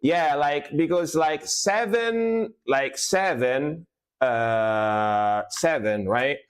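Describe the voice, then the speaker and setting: A man's voice: fairly high pitch, extremely slow, clean tone. A man from Italy with an Italian accent, a music reaction streamer chatting casually on a livestream, explaining at length with many fillers.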